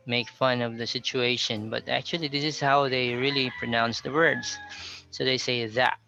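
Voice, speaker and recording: Filipino guy teaching english sounds, slow and careful, gravelly bright voice, bit of a dull recording. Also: mid-range voice. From Philippines. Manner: slow, careful model readings of example phrases. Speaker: pronunciation teacher. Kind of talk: accent training lesson.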